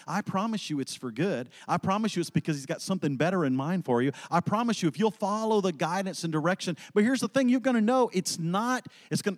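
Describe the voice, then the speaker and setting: A man's voice: medium pitch, a little mellow, big-room sound. A man preaching an earnest, emphatic sermon, weaving in personal stories.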